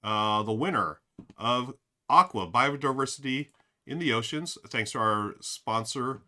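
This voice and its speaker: Bright-voiced man chatting on a live stream. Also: mid-range voice, lively intonation, a little slow. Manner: rambling, thinks aloud, many fillers; addresses chat directly. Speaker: streamer playing a board game. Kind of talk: casual live-stream commentary.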